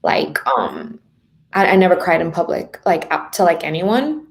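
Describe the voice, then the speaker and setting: A woman's voice: fairly low pitch, very animated, unhurried, vocal fry. A woman appearing as a guest on a podcast, a mindset coach speaking candidly and reflectively in casual conversation. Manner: candid and reflective, thinks out loud.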